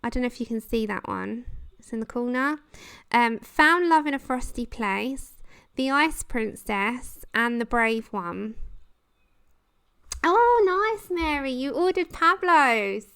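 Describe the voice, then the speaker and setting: A woman's voice: a little high, expressive, slow, fairly bright tone, clear, resonant tone. A woman hosting a casual colouring livestream, chatting and giggling as she reads the chat. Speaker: livestream host.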